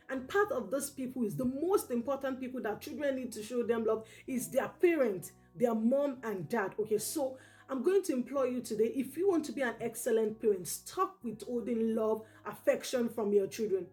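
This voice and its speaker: A woman in an earnest parenting talk, repeating her points and checking in with "okay?" after nearly every line. Her voice sits fairly high but sounds mellow rather than bright. Faint music plays quietly under her. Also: moderate pace. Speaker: parenting educator. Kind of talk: direct-to-camera parenting advice.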